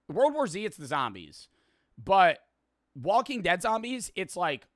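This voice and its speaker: A man's voice: fairly high pitch, bright, forceful tone, dry recording, clean studio sound. A man streaming his reactions to a video, talking casually in a rambling, jokey, profane way.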